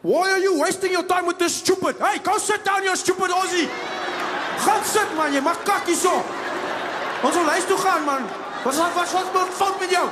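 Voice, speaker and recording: A man's voice: very high-pitched, normal speed, reverberant, pitched above the performer's own voice. A big barking Afrikaans man. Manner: barking, bossy. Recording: live stand-up with noisy crowd.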